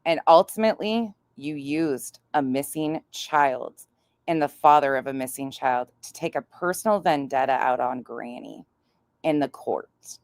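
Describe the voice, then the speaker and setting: A woman's voice: rumbling low, a little slow, darkish tone, no echo, clean studio sound. A woman hosting a commentary channel, talking back to played clips in a blunt, profane, confrontational way.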